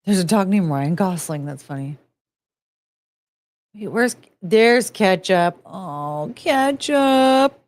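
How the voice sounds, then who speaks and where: A woman's voice: medium pitch, expressive, takes it slowly, darkish tone, dry recording. A young woman streaming casually, gushing and cooing over pictures of dogs. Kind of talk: casual live-stream chat.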